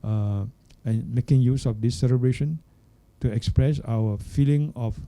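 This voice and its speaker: An older man, a Buddhist monk, giving a dharma talk in an unhurried way, pausing to search for words and checking in with the listeners. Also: mid-range voice, warm tone. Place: Buddhist centre hall.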